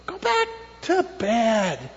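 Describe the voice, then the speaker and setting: A man voicing the old priest Eli, telling the boy briskly to go back to bed. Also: very high voice, huge pitch swings, pitched above the performer's own voice, heavily acted. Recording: dull with long church reverb.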